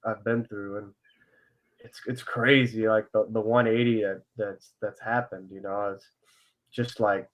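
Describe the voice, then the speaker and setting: Young male podcast co-host, low voice, candid, rambling, filler-heavy. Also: flat delivery, unhurried. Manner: earnest and open about feelings. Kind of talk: casual podcast chat.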